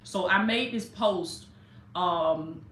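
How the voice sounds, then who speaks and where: A woman's voice: on the low side, slow pace, a little hiss or hum. Woman hosting a preaching livestream. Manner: warm, repetitive welcoming, calls listeners "baby". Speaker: livestream host and life coach. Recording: echoey room.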